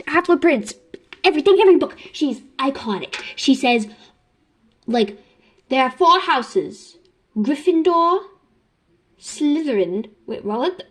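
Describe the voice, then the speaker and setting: Young woman, fast chatty vlog talk, rambling, self-interrupting, slightly high voice, very lively intonation. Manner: giggly and chatty. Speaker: YouTube vlogger. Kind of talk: casual ranking vlog.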